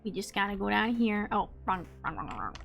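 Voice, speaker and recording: A woman's voice: mid-range voice, big pitch swings, a little fast, gravelly, soft background music. Playful woman streamer talking through a game. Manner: playful, talks to herself while playing. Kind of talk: casual gameplay commentary.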